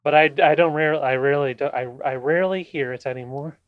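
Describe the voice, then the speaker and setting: A woman's voice: deep voice, quick pace, no room sound, narrow, tinny audio. A woman co-hosting a casual podcast from home, standing, a little out of breath and laughing easily. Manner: laid-back, laughs easily. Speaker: podcast co-host and editor. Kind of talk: casual chat. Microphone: home mic over a voice call, standing.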